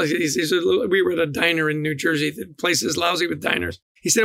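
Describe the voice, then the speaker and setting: On a podcast interview, an enthusiastic middle-aged guest who writes about leadership tells stories and repeats his words. He talks quickly with few pauses in a fairly high, steady, gravelly voice with a fairly bright tone, recorded without echo.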